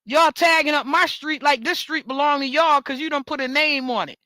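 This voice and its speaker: A woman rants straight into the mic in a high, bright voice. She swears freely and repeats words for emphasis, and the dry recording has no room sound. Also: moderate pace, dry recording. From New York. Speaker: talk show host. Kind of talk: ranting monologue.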